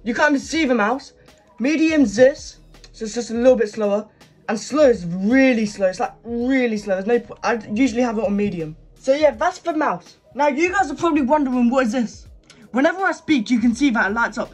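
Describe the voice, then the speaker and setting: A man's voice: very high voice, animated, fairly quick, soft background music. A young man in his teens, chatting casually as he shows off his gaming setup at his desk. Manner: chatty, showing things off as he goes. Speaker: gaming YouTuber. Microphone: desk microphone.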